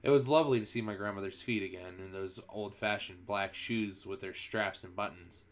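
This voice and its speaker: A man with a low-sitting voice and moderate pace streams himself reading a first-person children's book. He reads with expression, often returning to restart a phrase.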